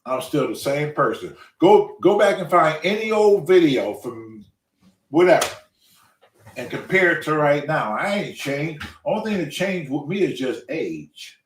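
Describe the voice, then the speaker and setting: A man rants through a story in a loose, profane monologue, his voice jumping high and low as he works himself up. He sits a little back from the mic in an echoey room, and his pitch sits somewhat high for a man. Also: unhurried, recorded from a distance, a little hiss or hum. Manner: profane, ranting, animated storyteller. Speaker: show host. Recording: roomy, away from the mic.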